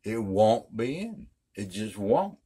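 Slow husky-voiced older man teaching guitar. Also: fairly low pitch, big pitch swings, warm tone. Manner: folksy, emphatic, repeats himself. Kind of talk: casual video lesson.

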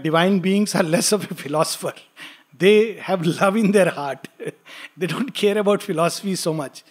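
A man teaching a spiritual study class. He explains ideas plainly, reads verse slowly, and laughs lightly as he talks. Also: high voice. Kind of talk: lecture with poetry reading.

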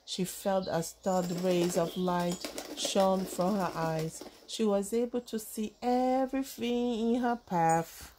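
A woman reading a children's storybook aloud in a gentle, expressive way. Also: medium pitch, slow pace, a little hiss or hum, poor audio. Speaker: storybook reader. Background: background music.

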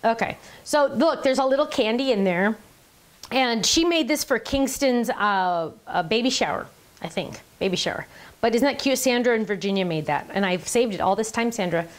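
A woman's voice: a little high, animated, moderate pace. A middle-aged woman hosting a casual live stream, chatty and gushing, often laughing and talking aside to the person behind the camera. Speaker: live stream host showing handmade cards.

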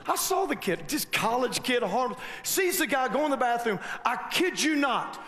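High-voiced animated male preacher. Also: moderate pace. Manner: animated storytelling with frequent restarts. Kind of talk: sermon. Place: large church hall. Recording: long hall reverb, faint noise.

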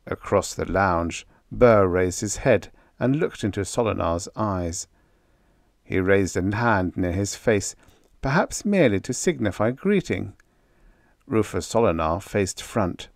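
A man reading an old science fiction story aloud at a measured pace, with a lowish voice that rises and falls a great deal. The reading is dry and close, with no room sound. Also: expressive, vocal fry, no room sound. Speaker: audiobook narrator. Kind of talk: scripted narration of a vintage sci-fi story.

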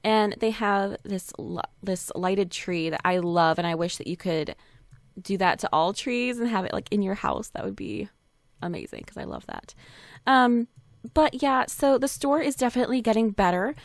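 A young woman commentates her game from a home desk setup, chatty and giggly with a steady stream of "like". Her voice sits at a middle pitch. The condenser mic sounds close and dry, with no room echo. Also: normal speed. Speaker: let's play host. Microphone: desk USB condenser mic.

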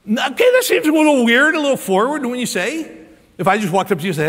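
An American man preaching a sermon as pastor, animated and acting out quotes and asides, recorded live in a large church auditorium on a stage microphone. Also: extremely high pitch, fast talker. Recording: live sermon with long hall reverb.

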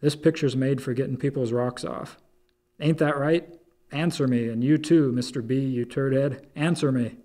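Stern preachy young guy, read by a man, blunt and insistent, low flat voice. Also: normal speed, natural voice. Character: stern zealous young male monk.

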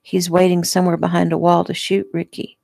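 A woman's voice: lowish voice, monotone, fairly quick, gravelly, a little mellow, dry recording, clean studio sound. A woman voicing a weak, injured young woman who speaks apologetically.

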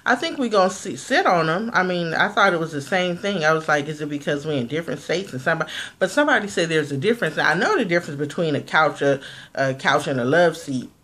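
A woman's voice: low-pitched, lively intonation, fast talker, a bit bright. A woman vlogger chatting casually as she reviews products and reads out ingredient lists.

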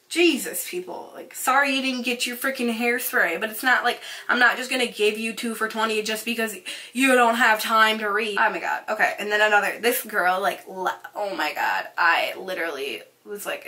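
Bright-voiced young woman ranting. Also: medium pitch. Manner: fast, ranting, lots of "like" and swearing. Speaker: beauty vlogger. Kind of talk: casual storytelling while doing makeup.

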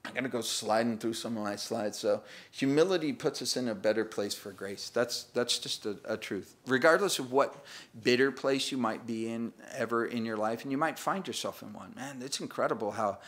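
A male pastor speaks from the church pulpit in a mid-range, fairly bright voice at a normal speed. The sermon is conversational and self-deprecating, full of playful acted-out voices and laughter at the text.

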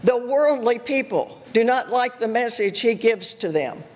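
A woman's voice: on the high side, a little slow. Older woman preaching in an echoey hall. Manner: animated, laughing, acting out her own thoughts. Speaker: guest speaker at church. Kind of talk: sermon with personal storytelling. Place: church sanctuary. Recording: echoey church hall with faint noise.

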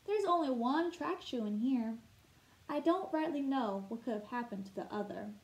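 A woman reading a storybook aloud, voicing a kindly old male shopkeeper with a gentle, folksy way of talking. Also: high-pitched, lively intonation, normal speed, roomy sound.

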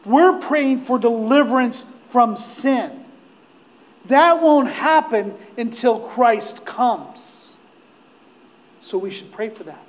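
A male pastor preaching a sermon, earnest and direct with his listeners, growing impassioned and nearly shouting at the peaks. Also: very high voice, animated, slow. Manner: impassioned, rising to near-shouts on quoted cries.

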